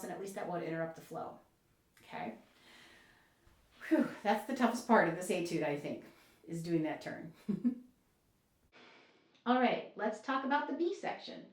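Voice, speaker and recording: A woman oboe professor giving an encouraging, explanatory music lesson. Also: mid-range voice. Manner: encouraging, explanatory, with light laughs. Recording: echoey room.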